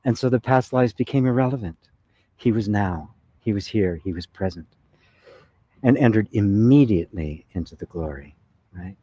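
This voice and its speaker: Low, mellow-voiced spiritual teacher. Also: male voice, lively intonation, moderate pace, husky, dry recording, dull audio. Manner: conversational, with frequent "right?" and soft laughs. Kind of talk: satsang talk.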